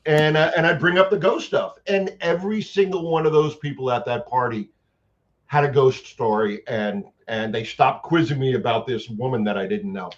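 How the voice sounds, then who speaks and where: New man, guest storyteller, rambling and animated, higher pitch, muffled lo-fi audio. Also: moderate pace. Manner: animated, long-winded anecdotes with many restarts. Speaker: guest, actor and paranormal investigator. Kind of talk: casual storytelling chat. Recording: dull lo-fi sound.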